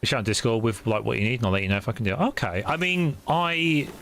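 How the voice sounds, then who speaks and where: A young man streaming a game, chatting casually with viewers in a rambling, halting way with many restarts. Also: medium pitch, expressive, a bit bright. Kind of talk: casual chat while gaming. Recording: noisy stream audio.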